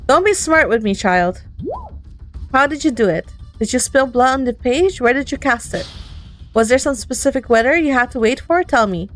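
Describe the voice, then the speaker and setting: A woman's voice: high-pitched, expressive, moderate pace, soft background music. A woman voicing a cold, cruel witch aunt in a visual novel, talking down with menace. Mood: threatening.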